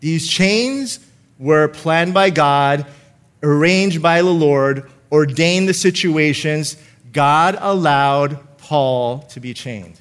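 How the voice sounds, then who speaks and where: A man preaching a sermon, slowing down to stress scripture and calling on the congregation to repeat lines after him. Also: fairly high pitch, fairly bright tone, smooth. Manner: emphatic, calls for congregation responses, slows to stress scripture.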